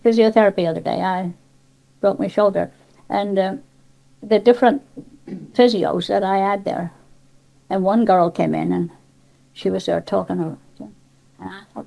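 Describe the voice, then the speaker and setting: A woman's voice: mid-range voice, a little fast, vocal fry, dark tone, low-quality recording. An older woman from Cornwall with a Cornish accent, chatting in an interview about dialect, rambling with many restarts and asides. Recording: cassette tape.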